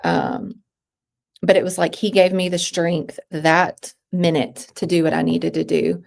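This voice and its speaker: A woman in her thirties, a podcast guest, speaking in an emotional personal interview with halting phrases that restart and trail off. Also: lowish voice, level tone, creaky, a little mellow.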